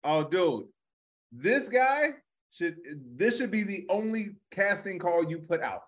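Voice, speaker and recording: Male comic co-host, slightly raised pitch, easygoing and laughing a lot. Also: lively intonation, slow pace. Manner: jokey, laughs often. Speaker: comedian podcast co-host. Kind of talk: casual comedic chat.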